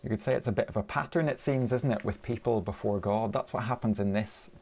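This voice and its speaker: A man's voice: fairly low pitch, brisk, darkish tone, slight background noise. A man preaching a sermon in a conversational way, asking his listeners rhetorical questions.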